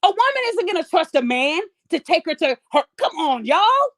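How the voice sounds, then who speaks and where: High-voiced woman ranting, dry sound. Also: very animated, moderate pace, a bit bright, no echo. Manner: mocking, profane, incredulous; acts out quoted people in raised, sing-song voices. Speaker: podcast host. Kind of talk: heated commentary.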